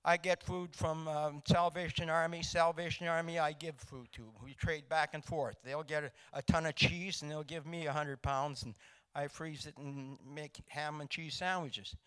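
High, smooth-voiced older man. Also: steady tone, a bit bright. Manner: folksy, halting, with many restarts. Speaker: charity volunteer speaker. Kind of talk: storytelling talk to a group.

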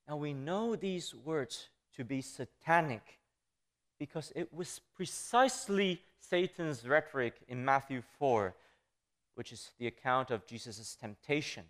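A man preaching a sermon on scripture. He reads the verses aloud and lifts his pitch emphatically on the quoted lines. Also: unhurried, a bit bright.

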